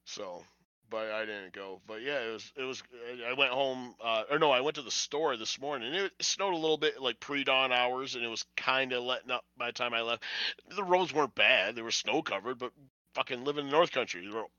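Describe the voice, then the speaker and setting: A man's voice: mid-range voice, a little fast, bright, forceful tone, no echo. A man hosting a casual podcast from home, rambling, swearing and laughing as he talks. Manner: rambling, profane, laughs often. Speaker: podcast host. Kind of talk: casual chat. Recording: dull lo-fi audio.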